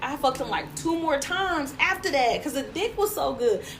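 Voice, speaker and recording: Animated high-voiced woman telling a story. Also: moderate pace, a little hiss or hum. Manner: animated, profane, laughs through her story. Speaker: podcast co-host. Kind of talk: casual storytelling chat.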